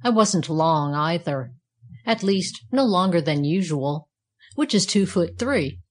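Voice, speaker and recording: A woman's voice: on the low side, expressive, slow, darkish tone. A woman voicing a grumpy, contrary talking bellows in a read-aloud storybook, speaking bluntly and curtly.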